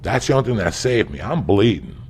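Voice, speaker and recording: A man from the New Jersey and New York area telling a comedic story as a podcast guest, loud and profane, swinging from shouts to low mutters. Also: big pitch swings, fairly quick, slight background noise.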